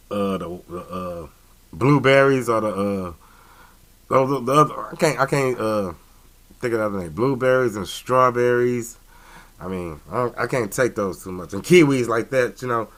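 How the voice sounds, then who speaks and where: Man, radio host, casual monologue, bright tone, rambling, joking, mid pitch. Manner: rambling, joking, many fillers and restarts.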